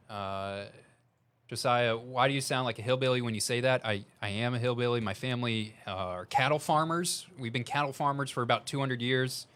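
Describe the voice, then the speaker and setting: A man's voice: medium pitch, a bit bright, smooth. A man with a Southern Missouri accent, a meteorologist talking urgently and conversationally during live severe weather coverage. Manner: urgent, conversational, reading updates aloud.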